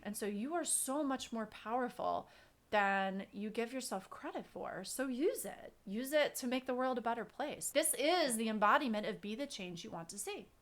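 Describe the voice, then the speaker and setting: A woman's voice: fairly high pitch, lively intonation, moderate pace. A woman co-hosting a casual podcast chat, talking earnestly and repeating her key points for emphasis. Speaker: podcast co-host.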